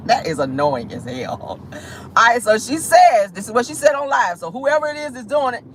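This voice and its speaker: Woman gossip host, AAVE, sassy and profane, lively swooping pitch. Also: normal speed, a little hiss or hum, rough recording. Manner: sassy, profane, laughing often, acts out quotes. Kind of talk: casual commentary to viewers.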